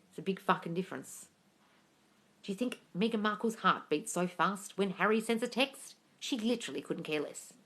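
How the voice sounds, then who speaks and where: Woman on a phone livestream, bright tense voice, blunt and sweary, reads chat comments out loud. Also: on the low side. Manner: blunt, swears freely, mocks gushing with squealing impressions; reads viewer comments aloud. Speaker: manifesting coach answering live chat questions. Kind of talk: casual livestream Q&A. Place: home livestream.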